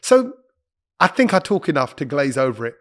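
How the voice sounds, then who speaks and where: Middle-aged male broadcaster, quick and lively delivery, a bit higher-pitched than most men; casual podcast talk. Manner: fast-talking, animated, breaks into put-on voices. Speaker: broadcaster and comedy host.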